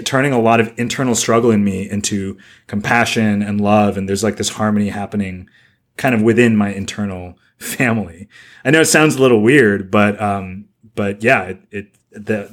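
A man co-hosting a podcast, chatting casually and rambling with lots of "like" fillers. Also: on the low side. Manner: rambling, heavy use of "like" fillers. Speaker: podcast co-host.

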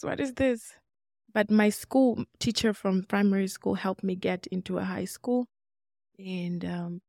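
A woman in her twenties from Congo talks about her life in a podcast interview, earnestly reenacting remembered exchanges. Her medium-pitched voice has vocal fry and a slightly mellow quality, on a dry, clean studio recording.

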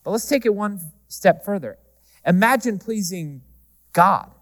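A man preaching a sermon, talking to the congregation in a conversational, humorous way and shifting often between loud and soft. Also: sits high, animated, unhurried. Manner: conversational preaching with humor, varying pace and volume. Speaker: pastor. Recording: reverberant hall.

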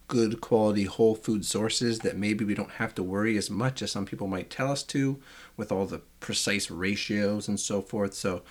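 A man hosting a casual podcast interview, talking in a relaxed way with fillers. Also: on the low side. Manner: warm-hearted thanks, relaxed, fillers. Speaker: podcast host.

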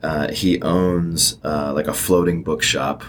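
A man with an extremely deep voice chats casually as a book show co-host. He talks in a relaxed, halting way, full of ums and uhs. Faint background noise sits under him. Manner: relaxed, hesitant, many fillers. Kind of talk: casual chat.

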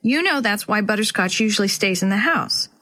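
A woman voicing a caring mother who gently comforts her daughter in a children's story. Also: mid-range voice, expressive, fairly quick. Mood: soothing. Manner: soothing, patient.

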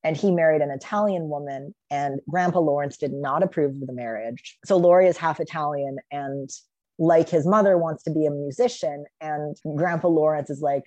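Woman podcaster, low mellow voice, dry close sound, eager and laughing, acts out quotes. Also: normal speed, dry recording, muffled recording. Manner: enthusiastic, laughing often, acting out quotes. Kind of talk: casual podcast discussion.

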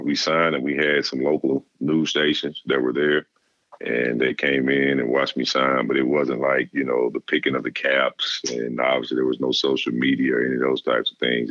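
Brief: middle-aged male guest, extremely deep gravelly voice, dry dull lo-fi sound. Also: no room sound. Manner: relaxed storyteller, acts out quoted dialogue. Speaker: former player, guest. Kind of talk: casual interview storytelling.

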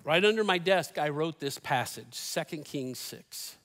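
A man's voice: on the high side, animated, unhurried, fairly bright tone, big-room sound. A man in his fifties, a pastor giving a sermon in a church, telling stories with folksy, humorous asides. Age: 50s. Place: church sanctuary.

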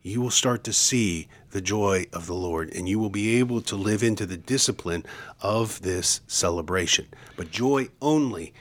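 A man co-hosting a devotional podcast, teaching in an earnest, preacherly way and slowing down for emphasis. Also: low-pitched, a bit bright. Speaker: podcast co-host.

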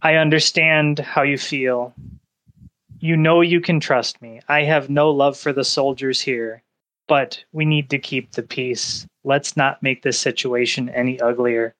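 A man doing a gentle, soothing priest. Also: medium pitch, steady tone, unhurried, no room sound, lightly acted. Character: short, kindly middle-aged priest, calm peacemaker.

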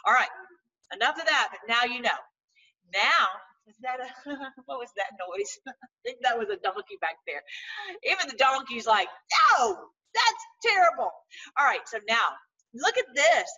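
A woman talking to her viewers in a casual, animated monologue, full of restarts and religious phrases. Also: a little high, normal speed, recorded from a distance, highs cut off. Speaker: political commentary host.

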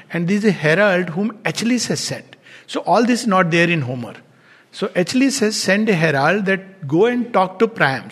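A man gives an unhurried lecture on poetry, pausing to read lines of verse slowly. His voice sits a little high, and a long reverb trails behind every phrase. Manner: thoughtful, unhurried, reads verse aloud slowly. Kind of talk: reflective literary talk.

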